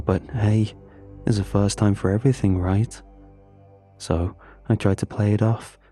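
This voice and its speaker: Slow, dark-voiced man narrating horror. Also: lowish voice. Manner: measured, uneasy, with drawn-out pauses. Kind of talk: first-person horror story narration.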